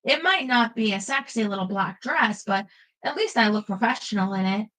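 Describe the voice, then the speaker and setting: A woman giving a lively first-person audiobook narration. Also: a little high, moderate pace, low-quality recording.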